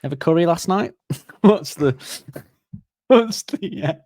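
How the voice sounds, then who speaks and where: A man's voice: sits high, animated, slow pace, darkish tone, no room sound, clean studio sound. A man co-hosting a comedy podcast, laughing often and acting out silly cartoon voices as he picks apart song lyrics. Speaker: podcast co-host.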